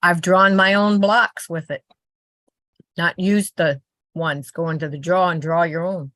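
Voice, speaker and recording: Low-voiced woman chatting on a video call. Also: steady tone, unhurried, a bit bright, dry recording. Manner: searches aloud for names, restarts often. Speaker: quilter in an online group chat. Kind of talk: casual chat.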